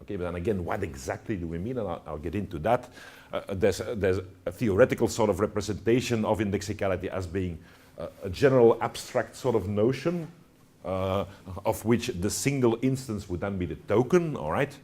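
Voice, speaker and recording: A man's voice: lowish voice, fairly quick, a little mellow. A man lecturing to students, talking with many fillers and restarts and checking in with "all right?". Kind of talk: university lecture.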